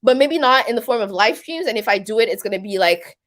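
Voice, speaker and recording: A woman's voice: on the high side, lively intonation, quick pace, fairly bright tone. A woman with a Québécois French accent hosting a casual live stream, chatty and rambling, with many fillers. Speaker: live stream host reading viewer comments.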